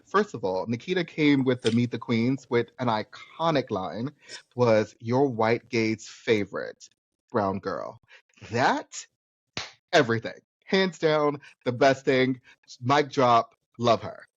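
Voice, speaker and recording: A man's voice: medium pitch, expressive, a little slow, no room sound, highs cut off. A man co-hosting a podcast, chatting casually and gushing with emphasis. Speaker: podcast co-host. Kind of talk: casual chat.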